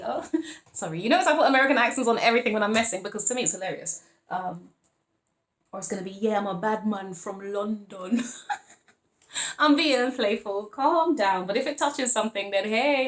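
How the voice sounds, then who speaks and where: A woman's voice: fairly high pitch, echoey room, low-quality recording. A woman giving a casual tarot reading to camera, playful and rambling, laughing often and calling her listeners honey and babes. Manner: playful, rambling, chatty, with frequent laughs and fillers. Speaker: tarot card reader.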